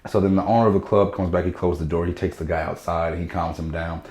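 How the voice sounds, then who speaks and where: A man, a stand-up comedian, telling a story in casual chat, animated and acting out what people said. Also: deep voice, fast, echoey room. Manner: animated, acts out quotes in shifting voices.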